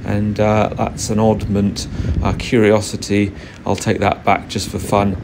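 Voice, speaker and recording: A man giving a relaxed, explanatory walking commentary while fossil hunting outdoors on a beach. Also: on the low side, measured pace. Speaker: fossil hunter vlogger. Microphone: camera mic, wind noise. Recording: wind noise on an outdoor mic.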